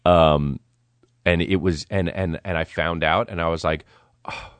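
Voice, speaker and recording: A man with a somewhat low voice hosts a comedy podcast and tells a story full of swearing and false starts. He gets excitable and keeps tripping over his own sentences. The recording is close and dry. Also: measured pace, smooth, no echo. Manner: excitable, profane, rambling with restarts. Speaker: podcast host.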